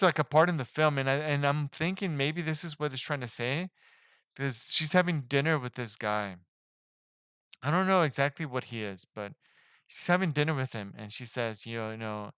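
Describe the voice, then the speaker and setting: A man's voice: fairly high pitch, fairly bright tone, clean tone, no echo, clean studio sound. A man giving a casual spoken film review, rambling and hesitant, with lots of fillers and restarts. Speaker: movie reviewer.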